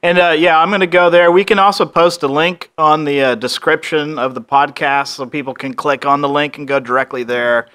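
A man's voice: a little high, level tone, brisk, hardly any pauses, bright, forceful tone, clean tone. A man hosting a podcast, answering his guest in a friendly, supportive way with brief replies. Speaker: podcast host. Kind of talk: casual podcast interview.

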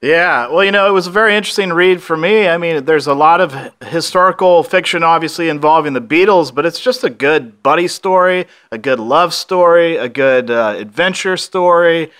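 A man's voice: a little high, moderate pace, few pauses, a bit bright, smooth. A man hosting a podcast, answering his guest in a friendly, supportive way with brief replies. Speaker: podcast host. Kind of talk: casual podcast interview.

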